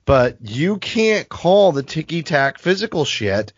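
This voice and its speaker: A man's voice: on the high side, big pitch swings, measured pace, slightly rough, no echo, lo-fi sound. A man co-hosting a sports podcast, talking bluntly and with frustration, swearing casually. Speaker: podcast co-host.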